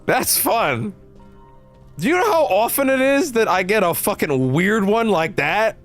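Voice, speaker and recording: A man's voice: a little slow, faint music behind. A man livestreaming a game, ranting animatedly and swearing freely at his chat. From Canada. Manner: animated, profane ranting with shifting pitch.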